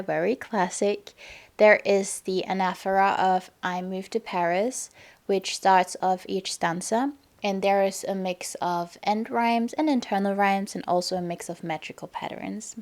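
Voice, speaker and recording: A young woman from Germany hosting a podcast, calmly explaining and analyzing her own poetry and reading verse aloud. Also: mid-range voice, creaky. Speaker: podcast host. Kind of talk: casual explanatory monologue on poetry.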